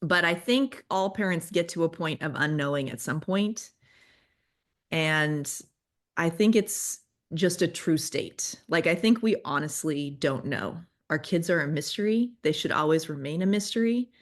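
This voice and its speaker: A woman's voice: deep voice, lively intonation, a little slow. A woman in her forties, a children's ministry guest, telling candid, self-deprecating stories in casual conversation.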